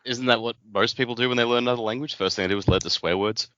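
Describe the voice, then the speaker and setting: Male podcast co-host, joking banter, bright and sharp tone. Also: mid-range voice, rapid-fire, no room sound. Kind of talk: casual book discussion. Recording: dry, slightly lo-fi podcast audio.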